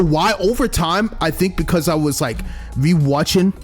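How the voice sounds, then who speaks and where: A young man streaming a visual novel, reacting in an excitable, playful way with plenty of swearing. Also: on the high side, moderate pace, faint music behind. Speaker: video game streamer.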